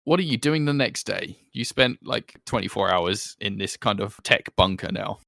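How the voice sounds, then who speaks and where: A man narrating as game master of a tabletop game in a relaxed, chatty way, often laughing. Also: lowish voice, normal speed, vocal fry, no room sound, clean studio sound.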